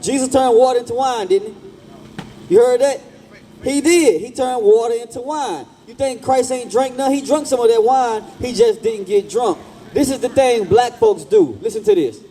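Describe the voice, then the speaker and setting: A man's voice: extremely high pitch, moderate pace, dark tone, slight background noise. A man preaching outdoors on a street, blunt and slangy, firing questions at passers-by and repeating himself.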